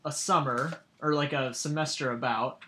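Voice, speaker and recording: A young man co-hosting a casual chat, rambling with halting restarts. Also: medium pitch, steady tone, sharp tone, a little hiss or hum. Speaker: podcast co-host.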